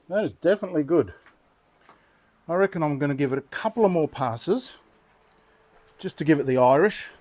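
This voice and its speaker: A man with a slightly high, darkish voice hosts a knife sharpening channel. In a casual hands-on demonstration he chats and mutters to himself as he works.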